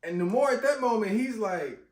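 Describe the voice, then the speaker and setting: Man, casual movie recap, animated, slangy, lively pitch, roomy echo, distant mic. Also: brisk.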